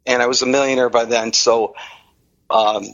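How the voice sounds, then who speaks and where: Middle-aged guy from detroit telling his story, lively, dull dry lo-fi sound. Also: medium pitch, moderate pace, no echo. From Detroit area, Michigan. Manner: animated storyteller, acts out quoted voices. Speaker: interviewee. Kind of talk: personal story in an interview.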